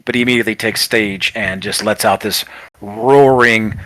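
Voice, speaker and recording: A man's voice: lowish voice, normal speed, fairly bright tone, no echo. A man narrating as game master of a tabletop game, describing scenes in a loose way full of fillers.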